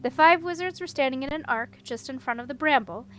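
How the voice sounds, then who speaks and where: A woman narrating a fantasy children's novel as an audiobook reader, steady and even. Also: high-pitched, fairly quick, a little hiss or hum, rough recording. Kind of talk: storybook narration.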